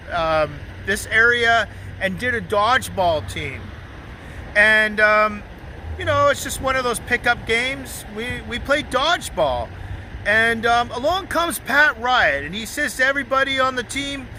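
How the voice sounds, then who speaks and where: A man being interviewed, telling an animated and mocking story with lots of emphasis. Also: very high voice, slight background noise, poor audio.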